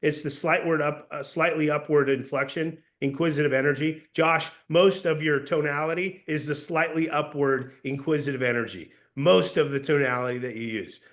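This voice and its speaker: A lively, slightly higher-voiced man running a sales training. He talks casually and with energy, tossing in slang and praise as he coaches. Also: moderate pace, few pauses. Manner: casual, energetic, swears and says "dude".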